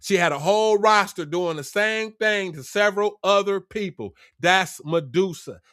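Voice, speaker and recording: A man's voice: sits high, normal speed, fairly bright tone, smooth, dry recording, clean studio sound. A middle-aged man hosting a casual livestream, preaching in street talk and acting out both sides of a conversation. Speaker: livestream host.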